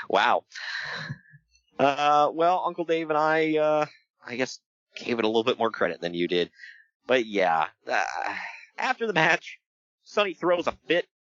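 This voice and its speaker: Jokey male podcast co-host, lively and bright, dull dry close mic. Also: a little high, no room sound. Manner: animated, jokey, does quick voices for quotes. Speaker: podcast co-host recapping wrestling. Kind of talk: casual chat. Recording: dull lo-fi sound.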